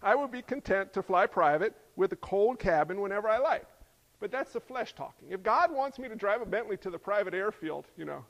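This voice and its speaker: A man preaching a sermon as pastor, lively and joking, peppering the congregation with rhetorical questions. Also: sits high, brisk, vocal fry, highs cut off. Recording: long hall reverb.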